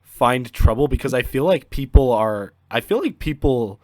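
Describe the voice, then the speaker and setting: A man hosting a podcast in casual chat, halting and trailing off softly as he thinks. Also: medium pitch, expressive, dry recording, studio quality. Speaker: podcast host.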